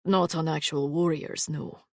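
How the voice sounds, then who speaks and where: A woman voicing a gruff immortal swordsman. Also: low-pitched, steady tone, measured pace, no room sound, studio quality, full character voice. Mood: dry.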